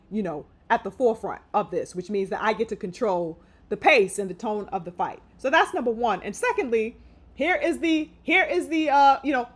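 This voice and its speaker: Animated woman ranting about boxing. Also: high voice. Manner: heated, emphatic, profane ranting. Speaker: boxing commentary host. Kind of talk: live opinion commentary.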